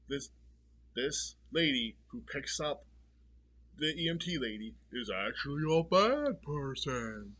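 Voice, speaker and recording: A man's voice: medium pitch, bright, forceful tone. A man giving a casual movie review, swearing freely in a blunt, exasperated rant.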